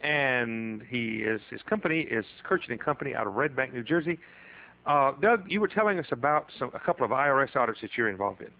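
A man's voice: mid-range voice, lively intonation, vocal fry. A man hosting a radio talk show, upbeat and affirming, reading station breaks and guest introductions. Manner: brisk, upbeat, affirming interjections. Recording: tinny phone-band radio broadcast.

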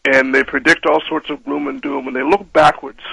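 A man appearing as a financial advisor guest on a radio show, explaining things in a measured way. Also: medium pitch, level tone, gravelly, bright, forceful tone, husky, no echo, rough recording. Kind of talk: radio interview.

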